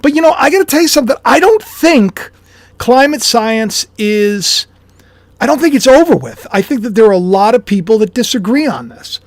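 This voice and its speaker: High-voiced man musing on camera. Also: big pitch swings, moderate pace, no room sound. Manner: rambling, self-deprecating, chuckling. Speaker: YouTuber and author. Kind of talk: casual speculative monologue.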